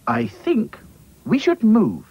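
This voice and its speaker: A man doing a bossy sporty girl rag doll for a cartoon, squeaking up high and swooping all over as she rallies everyone, with a soft, breathy edge and faint music under her. brisk and encouraging. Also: wildly swooping pitch, muffled recording, exaggerated voice. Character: energetic bossy female rag doll who jogs.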